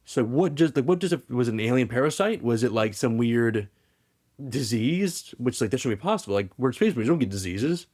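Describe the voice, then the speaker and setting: A male podcast host retells a story in casual, rambling chat, tripping over restarts and fillers. He talks fast, at a middle pitch. His delivery stays animated throughout.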